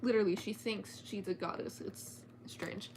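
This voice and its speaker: A woman's voice: mid-range voice, steady tone, moderate pace, darkish tone, a little hiss or hum. A woman reading a story aloud at home in a casual storytime style, chatting and swearing offhandedly as she talks to her cats.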